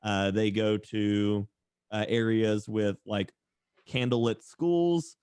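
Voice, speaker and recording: A man's voice: lowish voice, takes it slowly, smooth, dry recording, studio quality. A man from East Tennessee with a faded Southern accent, a podcast guest telling sarcastic stories and acting out the people in them. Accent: Southern American, mostly faded. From East Tennessee, USA. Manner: animated storyteller, sarcastic, acts out quoted people. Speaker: podcast guest, tattoo artist and streamer. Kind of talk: casual interview storytelling.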